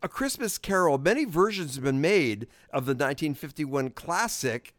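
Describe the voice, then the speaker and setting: A man's voice: fairly high pitch, lively intonation, moderate pace, dry recording, studio quality. A man co-hosting a podcast in casual chat, joking and rambling as he reads a listener's email. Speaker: podcast co-host.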